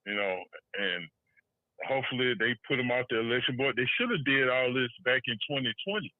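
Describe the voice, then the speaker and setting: Man, podcast co-host, casual political chat, halting restarts, phone-like audio, dry. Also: mid-range voice, dry recording. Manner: loose, laughing, halting restarts. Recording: tinny phone-line audio.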